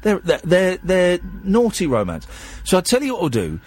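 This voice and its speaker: A man's voice: sits high, huge pitch swings, normal speed, a little mellow, slightly rough. A tired man, hosting a late-night radio show in a rambling, chatty, self-deprecating way.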